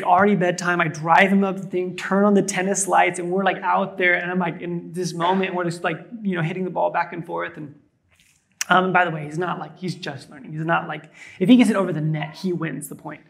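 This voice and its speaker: A young man with a high-pitched voice preaches to his congregation. He talks loosely and conversationally, with plenty of fillers and asides. He mixes scripture with stories from family life. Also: flat delivery, a little fast, creaky, a bit bright. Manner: conversational, storytelling with many fillers. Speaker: pastor. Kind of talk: sermon. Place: church service.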